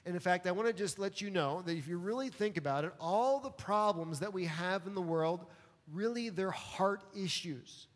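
A man's voice: high-pitched, moderate pace. A man preaching a sermon as pastor, earnest and emphatic, calling on the congregation to answer back. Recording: long hall reverb.

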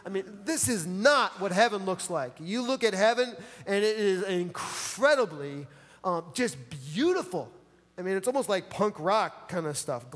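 A man's voice: high voice, fairly bright tone, big-room sound. A man preaching a sermon in a casual, enthusiastic, slangy way. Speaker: pastor.

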